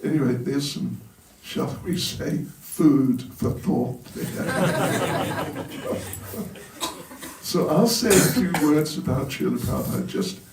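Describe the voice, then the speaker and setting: Light, humorous stories fill this monk's sermon in a temple hall, and he chuckles at his own jokes. He speaks unhurriedly in a slightly high voice for a man, and he is very animated. Background noise, an echoey room, and a distant mic make him sound far away.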